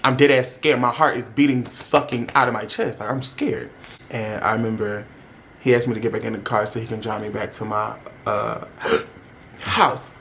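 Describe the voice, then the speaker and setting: A young male vlogger tells a personal story in a casual, candid video, addressing his viewers directly and using plenty of slang. His voice is fairly low and fairly bright, with fairly even intonation, a moderate pace, and slight background noise.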